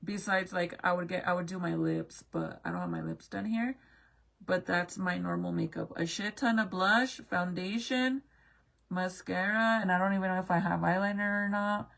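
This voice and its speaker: A woman's voice: fairly low pitch, expressive, moderate pace, creaky, a bit bright. A young woman chatting casually with viewers as she looks back through old family photos, swearing now and then. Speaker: mom vlogger.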